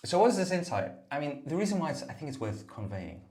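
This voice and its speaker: A man recording a rambling, reflective voice note in a bathroom, meandering and self-mocking, sometimes dropping to a soft murmur. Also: fairly high pitch, sing-song, fast talker, reverberant. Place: bathroom, at the bath. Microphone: phone voice note.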